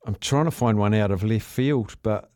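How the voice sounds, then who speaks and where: A man's voice: on the low side, moderate pace, darkish tone, smooth, dry recording, clean studio sound. A man with a New Zealand accent hosting casual sports talkback radio, laid-back and jokey as he reads out listener entries. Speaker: radio host. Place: radio studio.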